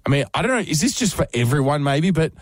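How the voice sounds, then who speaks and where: A man's voice: fairly high pitch, big pitch swings, fast talker, dry recording, clean studio sound. A man, co-hosting a radio show in casual, jokey, rambling banter. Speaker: radio co-host.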